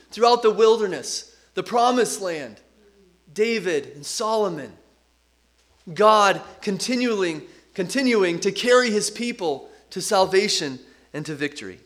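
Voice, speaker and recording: Emphatic high-voiced male preacher. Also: fairly bright tone. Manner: earnest, emphatic preaching with repetition. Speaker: pastor. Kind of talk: sermon.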